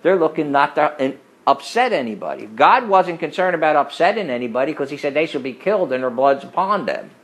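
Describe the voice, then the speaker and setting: A middle-aged man preaching a sermon full of personal stories. He talks emphatically, rising to forceful peaks and dropping into low asides. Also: big pitch swings, brisk, hardly any pauses, rough recording. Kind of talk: sermon with storytelling.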